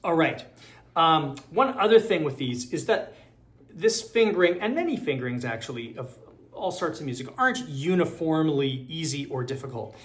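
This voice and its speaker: A man's voice: on the high side, animated, normal speed, fairly bright tone. A man teaching a violin lesson, explaining technique with many fillers and counting rhythms aloud. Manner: counts beats and calls out rhythms while playing. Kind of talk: online music lesson. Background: violin playing.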